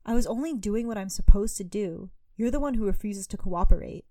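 A woman's voice: mid-range voice, brisk, dark tone, no echo, close to an everyday voice. A woman voicing a smug, sneering young prince in a storybook reading. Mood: indignant. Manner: indignant, sneering.

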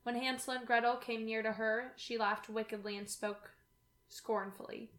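A woman reading a fairy tale aloud in a clear storytelling manner. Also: fairly high pitch, fairly even intonation, moderate pace, fairly bright tone, roomy sound. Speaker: reader.

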